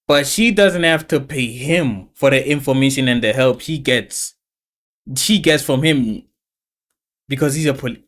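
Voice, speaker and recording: A man with a South African accent, reacting to a video in casual commentary, loud and slangy with lots of interjections. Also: mid-range voice, measured pace. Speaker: YouTube reactor.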